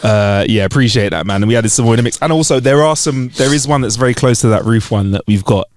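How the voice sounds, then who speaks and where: A man's voice: mid-range voice, quick pace, a little hiss or hum. A man co-hosting a comedy podcast, telling jokes in casual chat and laughing at punchlines. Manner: lively, laughs loudly at punchlines. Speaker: podcast co-host.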